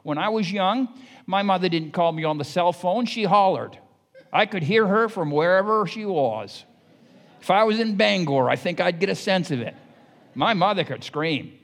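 An older male pastor with a somewhat high voice delivers a folksy, story-driven sermon that builds to emphatic exhortation. His voice rings out with a long reverb that trails through a church hall. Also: expressive, normal speed. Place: church sanctuary.

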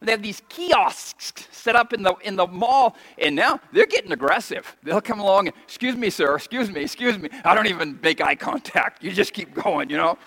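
A pastor delivers an emphatic sermon, his voice high and bright. He reads scripture in old-fashioned wording and calls on the congregation to repeat after him. His words ring out with a long reverb in a church hall. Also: big pitch swings, moderate pace, gravelly, hardly any pauses. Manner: emphatic preaching, has congregation repeat lines.

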